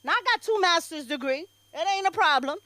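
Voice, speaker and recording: A woman doing a stand-up set at an open mic, brash and sassy, swinging between loud punchlines and low asides. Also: animated, brisk, dry recording. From Bangladesh. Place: comedy club stage.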